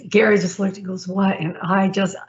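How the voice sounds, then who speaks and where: A woman's voice: mid-range voice, little pitch movement, moderate pace. Storytelling woman, slightly muffled. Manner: rambling with restarts, acting out quoted dialogue. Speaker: guest, co-founder of a sports league. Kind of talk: emotional personal storytelling.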